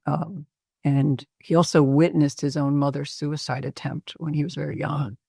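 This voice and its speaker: A woman physician presenting a patient case in a webinar interview, speaking hesitantly with many pauses and fillers. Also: deep voice, little pitch movement, creaky, dark tone, husky, no room sound, studio quality.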